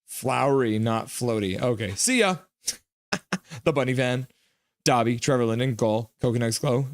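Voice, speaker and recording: A male hockey streamer talks casually at a mid pitch, reading his chat aloud and now and then bursting into high shouted impressions of viewers. The sound is dry and close, with no room echo. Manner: chatty, reads viewer comments and acts them out in sudden high shouts. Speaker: hockey live-stream host.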